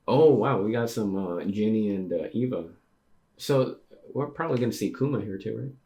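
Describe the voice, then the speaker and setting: A man with a slightly low voice reads a comic aloud for his stream and keeps breaking off to react. He is excitable and slangy, quick to exclaim in surprise. It is a casual, chatty reaction read-through. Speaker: streamer reading manga aloud.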